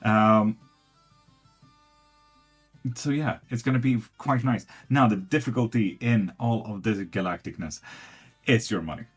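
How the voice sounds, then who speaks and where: A man's voice: on the low side, measured pace, pauses often, husky, soft background music. A man giving casual tarot readings on a live stream, blunt and swearing freely.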